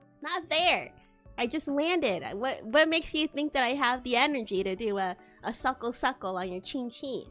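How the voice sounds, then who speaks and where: A young woman with a high, bright-sounding pitch chats casually on a stream and tells a story with animated energy. She laughs often and curses freely. Soft music plays faintly underneath. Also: measured pace, pauses often. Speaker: VTuber streamer. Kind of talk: casual chat.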